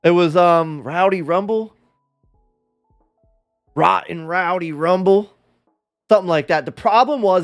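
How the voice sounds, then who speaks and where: A man's voice: high voice, measured pace, pauses often, soft background music. A man livestreaming in a casual chat, rambling and self-deprecating as he talks with his viewers.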